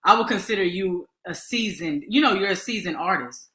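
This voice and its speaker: A woman's voice: medium pitch, animated, brisk, pushed and bright, echoey room, rough recording. A woman interview host with a Houston Southern accent, chatty and encouraging with her guest. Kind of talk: casual interview chat.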